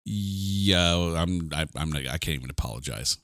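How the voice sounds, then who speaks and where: A man's voice: low-pitched, normal speed, no echo. A man co-hosting a podcast, chatting casually and animatedly about music. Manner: chatty and animated, with frequent "like" fillers. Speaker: podcast co-host.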